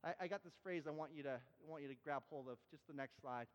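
Canadian pastor, high-pitched, restless restarts, sermon in a reverberant hall. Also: male voice, quick pace. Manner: repeats phrases and restarts often, rising to emphatic refrains.

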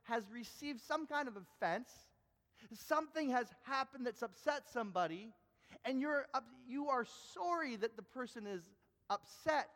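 Man, sermon, high voice, earnest, repeats words, long hall reverb. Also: expressive, normal speed, fairly bright tone. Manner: earnest, repeats words as he builds each point. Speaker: preacher.

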